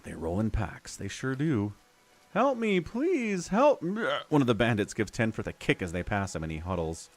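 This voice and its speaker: A man's voice: fairly low pitch, fairly quick, hardly any pauses. A man streaming a role-playing game, chatting casually and reading the game text aloud. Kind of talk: casual gameplay commentary.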